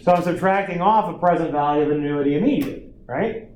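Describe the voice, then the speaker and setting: A math lecturer gives a classroom lecture, guiding students step by step and frequently using tag questions to check in. His voice sits on the high side, with a darkish tone and a fast pace.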